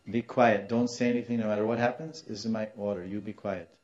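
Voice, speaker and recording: Brief: a gentle, cordial old guru, as a man puts him on, low and steady, dull lo-fi sound. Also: a little fast, close to an everyday voice. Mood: calm reassuring. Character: calm, compassionate older male guru.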